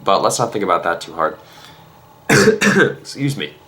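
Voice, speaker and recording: A man vlogger telling a comic story in an earnest, mock-emotional way, halting and restarting his sentences. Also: deep voice, wildly swooping pitch, pushed and bright.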